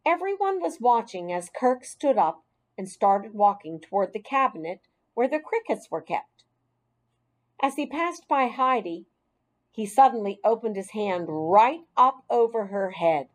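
A woman reading a children's story aloud at an unhurried pace. Her voice moves through a lively, wide range, keeping the telling clear and expressive for young listeners. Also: medium pitch. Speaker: audiobook narrator. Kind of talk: children's audiobook narration.

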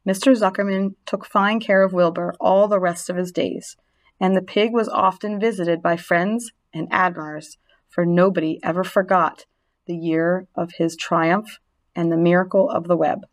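A woman narrating a storybook reading aloud, gentle and expressive. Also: lowish voice, moderate pace.

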